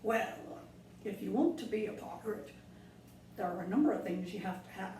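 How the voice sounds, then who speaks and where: A woman with a mid-range, dark-toned voice speaks at a normal speed while leading a children's craft lesson as a playful pirate. She tells corny jokes and gives step-by-step instructions. The echoey room is picked up by a distant mic with faint noise.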